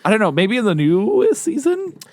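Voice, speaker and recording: A playful man in loose podcast chat, always ready with a silly joke. His voice sits a little high and moves around a lot. It is recorded close and dry. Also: wildly swooping pitch, brisk, no room sound. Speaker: podcast co-host. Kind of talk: casual podcast banter.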